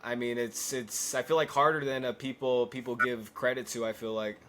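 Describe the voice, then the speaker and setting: A man's voice: mid-range voice, steady tone, a little fast, background noise. A man speaking as a podcast guest in casual chat, hesitant with many fillers and restarts.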